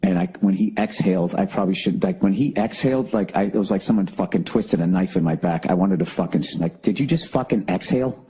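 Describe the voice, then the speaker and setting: Husky-voiced man ranting profanely. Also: sits low, fast talker, few pauses, warm tone, rough recording. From United States. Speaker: podcast host. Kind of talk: solo comedic rant.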